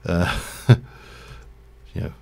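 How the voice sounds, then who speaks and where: A man from Yorkshire, England with a slight Yorkshire accent, rambling and chatty as he streams a game and corrects himself mid-sentence. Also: extremely slow. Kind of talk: casual livestream gameplay commentary.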